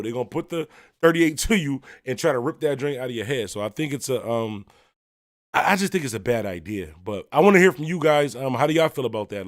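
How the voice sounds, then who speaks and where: A man's voice: medium pitch, no room sound, studio quality. A man from Buffalo, New York, hosting a music talk livestream, chatting loosely and rambling with lots of fillers as he reacts to viewer comments. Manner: rambling and conversational, full of fillers and shout-outs. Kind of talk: casual livestream chat, reading viewer comments.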